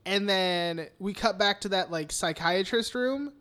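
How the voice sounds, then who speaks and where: Bright, high-voiced young podcast host. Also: male voice, measured pace, clean tone. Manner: rambling, profane, heavy use of "like". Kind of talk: casual chat recapping a film.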